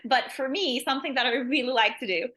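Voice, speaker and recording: A woman teaching languages chats freely in an interview. Her voice is bright and forceful and sits somewhat high. She rambles and fills her speech with "like," laughing easily. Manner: rambling, frequent "like", laughs often. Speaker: language teacher, podcast guest. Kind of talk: casual interview chat.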